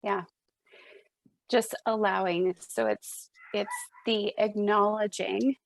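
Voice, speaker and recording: A woman hosts a podcast conversation and takes her time, with a gravelly, fry-laden texture. Her tone is calm and reflective, like a coach. The sound is close and dry. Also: mid-range voice, slow, dry recording. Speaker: podcast host. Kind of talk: casual chat.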